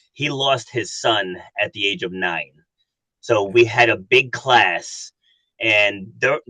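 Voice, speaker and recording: A man's voice: fairly low pitch, pushed and bright, no room sound, rough recording. A man who works as a coach, a guest on a podcast, telling stories earnestly and acting out the dialogue in them. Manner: earnest storyteller, acts out dialogue. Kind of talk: casual interview chat.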